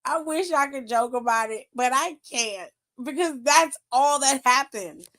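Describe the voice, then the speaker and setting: A young woman with a fairly high voice and an unhurried delivery runs a wrestling aftershow, ranting bluntly and profanely about the night's segments. Her tone is exasperated, and her voice jumps up in pitch when she mocks someone. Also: lively intonation, fairly bright tone. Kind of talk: casual wrestling recap rant.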